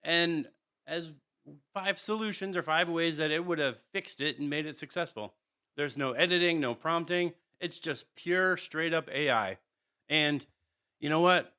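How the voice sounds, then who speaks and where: A man's voice: on the high side, unhurried, pushed and bright, clean tone. A man hosting a casual podcast, ranting sarcastically with lots of swearing. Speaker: podcast host.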